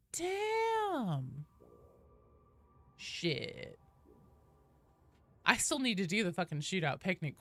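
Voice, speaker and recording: Animated streamer woman, bright and lively. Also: low-pitched, dry recording. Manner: loud excited greetings, swears freely. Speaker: game streamer. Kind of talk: casual chat with stream viewers.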